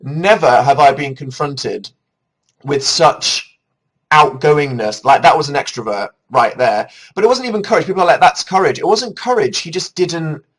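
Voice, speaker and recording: On a laid-back livestream, the host chats and reads viewers' comments aloud, rambling and making self-deprecating jokes. His voice is on the high side with lively intonation and a moderate pace, and the recording is rough.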